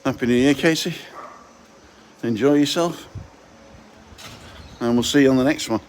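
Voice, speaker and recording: A man's voice: mid-range voice, moderate pace, a little hiss or hum. A man with a cold giving a jokey, chatty live-stream walking tour, talking into a phone he holds as he walks outdoors. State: has a cold. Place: outdoors, walking through a residential complex. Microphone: handheld phone.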